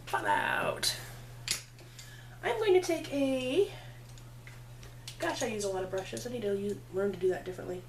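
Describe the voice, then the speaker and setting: A makeup vlogger with a higher, expressive voice talks fairly quickly and pauses often, with background noise in the recording. Her tutorial chat is casual, chatty and playful, much of it said to herself as she works.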